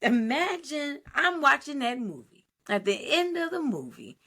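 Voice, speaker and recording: A woman co-hosting a casual podcast, her voice a little on the high side and swinging widely in pitch. She tells stories with lots of swearing and animated asides to listeners. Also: unhurried. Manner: animated, profane storytelling with acted quotes. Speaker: podcast co-host. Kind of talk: casual chat.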